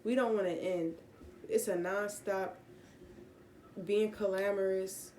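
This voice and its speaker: A woman casually teaching scripture from her home, rambling and correcting herself as she goes. Her voice sits at a middle pitch and bounces around an echoey room, with faint background noise. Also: slow pace. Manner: relaxed, rambling, many fillers and self-corrections. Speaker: vlogger giving Bible teaching. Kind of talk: casual spoken Bible teaching.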